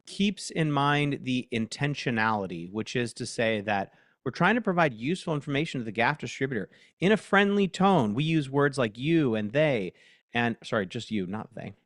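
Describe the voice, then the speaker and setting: A man with a medium-pitched voice hosts a casual live workshop. He talks in a chatty, self-mocking way and dictates prompts out loud. The sound is dry and close, with little room reverb. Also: lively intonation, normal speed. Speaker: host.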